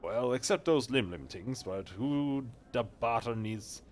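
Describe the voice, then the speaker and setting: A man voicing a pushy, fast-talking male street merchant in a game, with wheedling slangy sales patter. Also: mid-range voice, expressive, a little hiss or hum, lightly acted.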